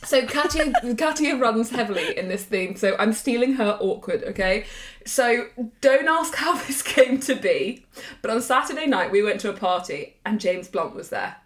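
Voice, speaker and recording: A pregnant woman co-hosting a podcast, telling stories in a lively way and swearing freely. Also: on the high side, normal speed, echoey room. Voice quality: swears freely, animated storyteller. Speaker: podcast co-host. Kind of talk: casual chat.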